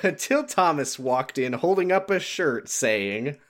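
A woman's voice: sits low, lively intonation, measured pace. A woman narrating a silly fan fiction aloud, laughing and breaking off to joke. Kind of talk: comedic fan fiction read-along.

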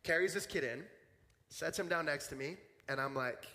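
This thirties-aged pastor for young adults talks to his church group at a normal speed, his fairly high voice pushed and bright. It's a casual sermon built on personal stories, with quoted voices acted out, recorded in a church hall with long reverb.

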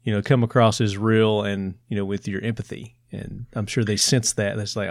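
A man's voice: fairly low pitch, little pitch movement, dry recording. Southern man, chatty interview host, dry and close. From Tennessee. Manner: chatty, with fillers and quick asides. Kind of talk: conversational interview.

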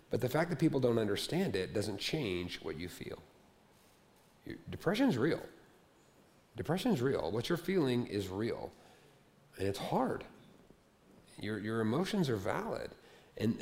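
A male pastor preaching a sermon to a congregation, talking conversationally, repeating phrases for emphasis and telling stories with animated humor. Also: medium pitch, measured pace, pauses often.

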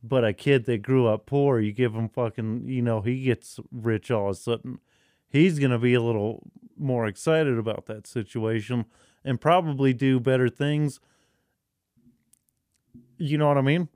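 A man co-hosting a podcast, chatting casually in a rambling, profane, excitable way. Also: mid-range voice, normal speed, no room sound, studio quality. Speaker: podcast co-host. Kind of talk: casual chat.

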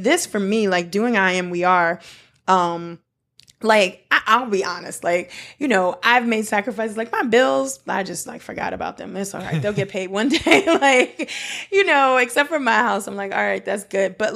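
A woman guest in an interview, talking in an excited, rambling way with many fillers and restarts, from South Africa. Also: medium pitch, moderate pace, gravelly. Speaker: guest, nonprofit founder. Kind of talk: casual interview talk.

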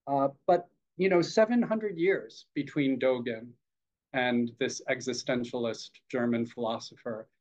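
A man who teaches Zen, giving a dharma talk in a reflective, hesitant way, with many fillers and gentle humor. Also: mid-range voice, unhurried. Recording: dull lo-fi podcast audio.

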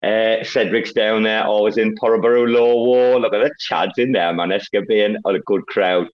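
A man's voice: on the low side, steady tone, normal speed, dull audio. A man hosting a casual online chat, boisterous and rambling, with heavy swearing. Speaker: host.

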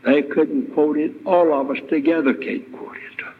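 A man's voice: on the high side, fairly even intonation, normal speed, slightly rough. A man preaching a sermon as guest speaker, retelling scripture with emphatic rhetorical questions. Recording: tinny, phone-like lo-fi recording.

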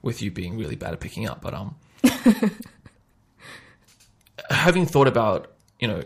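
Gravelly, husky man chatting playfully. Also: on the low side, sing-song. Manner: playful, acts out little scenes with quick swings in loudness. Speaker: podcast host. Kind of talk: casual chat.

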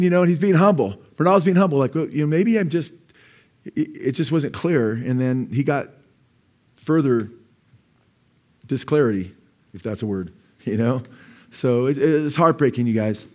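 Conversational man preaching a sermon. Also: fairly high pitch. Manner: conversational, with quoted asides and frequent "amen". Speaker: pastor. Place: church.

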